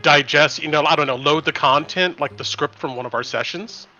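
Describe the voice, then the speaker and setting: A man's voice: on the high side, fairly quick, pushed and bright. A man chatting casually as a player at a tabletop game, loose and full of fillers. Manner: loose, filler-heavy, friendly. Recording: dull lo-fi audio with faint music.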